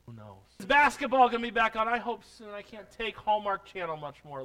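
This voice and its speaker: Male pastor, very high, bright voice, preaches with repetition, swells to emphatic declarations. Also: big pitch swings, a little fast, few pauses. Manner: builds from soft musing to emphatic preaching; reads scripture in old-fashioned wording. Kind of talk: sermon.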